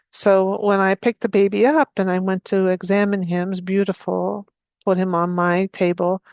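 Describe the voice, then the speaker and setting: A woman giving a talk, telling a story from her healing practice in a soft, conversational way. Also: fairly low pitch, no room sound, studio quality. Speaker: speaker giving a free talk.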